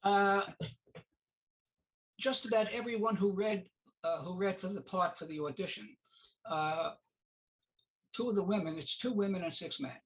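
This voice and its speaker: Over a rough recording, a film producer being interviewed tells casual stories in a halting way, with many fillers and restarts and acted-out quotes. He has a high voice with a fairly bright tone.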